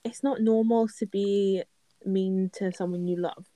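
A woman's voice: mid-range voice, fairly even intonation, measured pace, warm tone, dry recording, poor audio. A young woman, chatting casually as an advice co-host and using lots of "like" fillers. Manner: chatty, filler-heavy, laughs often. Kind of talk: casual chat.

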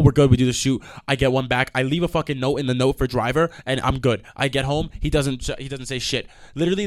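Heated, profane young man ranting. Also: mid-range voice. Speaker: podcast host. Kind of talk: ranting monologue.

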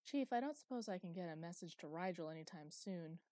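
A tense young man, urgent but polite, voiced by a woman reading an audiobook. His lines come a little louder than the narration. The recording is dry and close. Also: on the low side, expressive, a little fast, dry recording, close to an everyday voice. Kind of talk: audiobook character voice.

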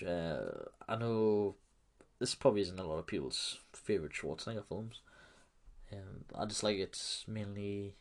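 A man's voice: fairly low pitch, expressive, unhurried, a bit bright. A man giving a loose, chatty film recap, laughing and swearing as he goes. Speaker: film reviewer.

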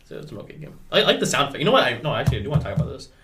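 A man's voice: medium pitch, big pitch swings, racing, background noise. A man co-hosting a podcast in casual chat, rambling with many fillers and restarts. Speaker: podcast co-host.

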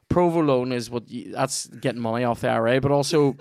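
A man's voice: mid-range voice, fast, a little mellow, clear, resonant tone, dry recording. Northern Irish man, podcast host, sweary rambling ad read, dead dry sound. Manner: rambling, profane, jokey.

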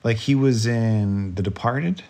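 A man's voice: fairly low pitch, a little slow, darkish tone. Chatty guy cohosting a podcast, jokey, talks movies in an easygoing way. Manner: chatty, jokey, slips into silly mock accents. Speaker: podcast co-host. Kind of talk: casual chat reviewing a movie.

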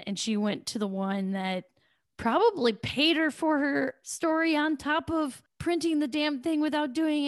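A woman's voice: a little high, dry recording. A woman co-hosting a casual podcast, blunt and sarcastic, swearing without a second thought. Her voice sits dry and close on the mic. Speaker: podcast co-host.

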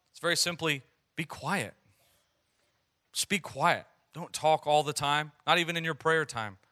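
Male pastor, bright ringing voice, earnest sermon delivery with swells of emphasis. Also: medium pitch.

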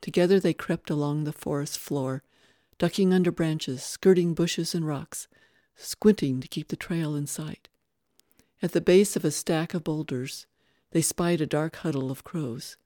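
A narrator reading a western novel aloud in a steady, hushed storytelling manner. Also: medium pitch, a little slow, no echo, clean studio sound.

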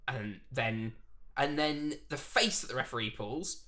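A man co-hosting a podcast, chatting about a film in an animated, incredulous way. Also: mid-range voice, a little slow. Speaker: podcast co-host. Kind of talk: casual chat about a film.

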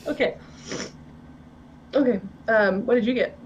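A woman's voice: on the high side, measured pace, muffled recording, a little hiss or hum. A woman playing a tabletop role-playing game, giggly and playful. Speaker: player.

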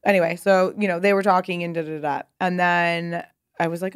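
A woman's voice: fairly low pitch, fairly even intonation, quick pace, clear, resonant tone. A woman in her thirties from California, a guest telling stories in a casual, rambling way with lots of "like" and casual swearing. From Pasadena, California. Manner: chatty, rambling, heavy use of "like", swears casually. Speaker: guest, clothing brand founder. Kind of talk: casual interview storytelling.

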